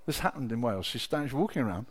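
A middle-aged man preaching a sermon, telling personal stories with emotion, dropping to a hush and then rising to loud exclamations. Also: medium pitch, expressive, rapid-fire, slightly rough. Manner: emotional, swings from hushed storytelling to loud exclamation.

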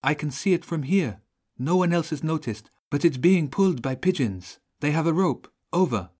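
A man's voice: on the high side, lively intonation, moderate pace, darkish tone, breathy edge, pitched above the performer's own voice. A man doing a worried child on the radio. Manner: worried, breathless, rising.

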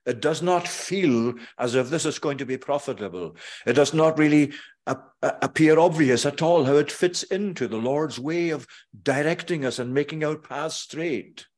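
A pastor preaching a sermon in a measured way, pausing often and slowing for emphatic scripture quotes. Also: male voice, a little high.

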